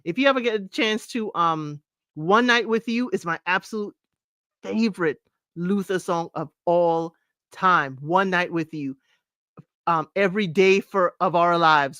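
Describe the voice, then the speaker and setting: A woman's voice: lowish voice, measured pace, fairly bright tone, no echo. Woman host, middle-aged, casual and chatty, sings along in places; dry close mic. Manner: chatty, sings snippets, laughs often. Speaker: podcast host. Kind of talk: casual chat counting down music.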